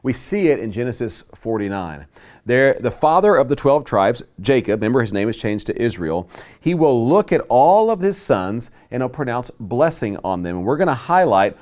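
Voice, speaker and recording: A man teaching a Bible class to a live group, emphatic and slowing down to stress key words. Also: mid-range voice, sing-song, darkish tone.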